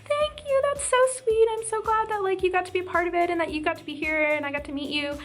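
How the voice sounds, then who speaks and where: A young woman voicing a sweet, gushing young female pop star who speaks in bright, breathless bursts of praise. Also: high-pitched, brisk, faint music behind, voice pushed up.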